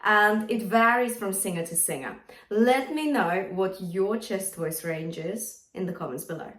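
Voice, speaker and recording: Female vocal coach, clear encouraging teaching voice, echoey room, slightly distant mic. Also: mid-range voice, unhurried, a bit bright. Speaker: singing teacher. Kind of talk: vocal lesson with sung demonstrations.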